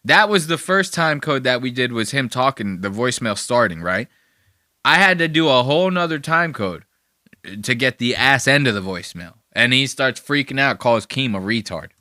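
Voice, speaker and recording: A man hosting a podcast in casual reaction commentary, rambling along and swearing freely. His voice is bright and forward, and the recording is dry and close with no room around it. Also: medium pitch, animated, moderate pace, no echo. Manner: rambling and profane. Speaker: podcast host.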